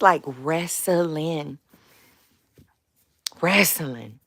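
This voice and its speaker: A woman hosting her own live stream, talking casually about faith in a slangy, animated way and laughing often. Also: low-pitched, very slow, long pauses, no room sound, clean studio sound.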